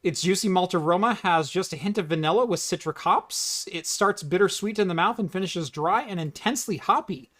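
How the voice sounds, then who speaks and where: A man from the United States with a high, fairly bright voice talks briskly and barely pauses. He's co-hosting a casual tech podcast, reading labels out loud and mock-ranting about how things are pronounced.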